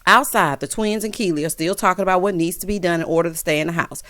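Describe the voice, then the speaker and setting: A recap vlogger with a lowish voice talks at a quick pace, with no room sound. She recaps a reality show in a sassy, playful way, telling it animatedly and mimicking the cast's quotes.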